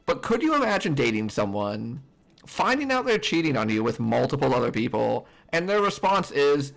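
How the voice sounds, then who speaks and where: Animated young male streamer. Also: mid-range voice, normal speed, gravelly. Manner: animated, laughing, exasperated reactions. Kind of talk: casual let's play commentary. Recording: voice over game music.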